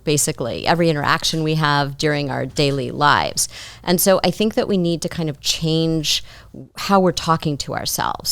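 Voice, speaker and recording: A woman's voice: sits low, clean tone, no echo. A woman psychotherapist guest giving thoughtful conversational advice, explaining her points through stories about clients.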